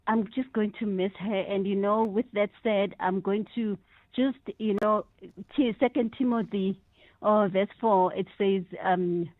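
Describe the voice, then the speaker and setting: A woman's voice: mid-range voice, fairly even intonation, unhurried, no echo. A South African woman calling into a radio show, talking effusively and mixing in Sesotho phrases. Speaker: caller. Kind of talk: radio call-in tribute. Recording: tinny phone line, dry.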